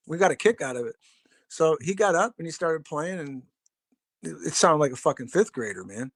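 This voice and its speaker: A middle-aged man with a somewhat high voice recounts old stories in a loose, rambling way, swearing freely and padding his sentences with fillers. The sound is dry and close, with no room around it. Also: expressive, brisk, a bit bright, no room sound. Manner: rambling, profane, laid-back storyteller with many fillers. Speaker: podcast guest, drummer. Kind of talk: casual storytelling.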